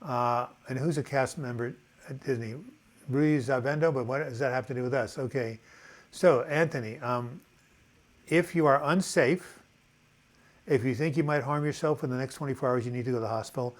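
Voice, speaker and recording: A man's voice: medium pitch, normal speed. An older man hosting a casual live video chat, reading out viewer comments in a loose, rambling way with many fillers.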